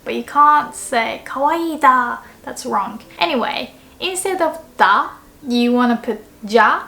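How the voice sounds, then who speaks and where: A woman's voice: on the high side, expressive, takes it slowly, vocal fry, sharp tone. A woman teaching a casual video language lesson, explaining chattily, often checking in with "right?" and acting out short example phrases.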